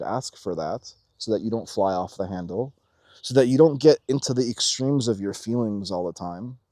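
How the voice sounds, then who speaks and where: A man hosting a casual spiritual monologue, rambling and swearing, acting out quotes in animated voices. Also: medium pitch, no echo, studio quality. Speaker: spiritual video host.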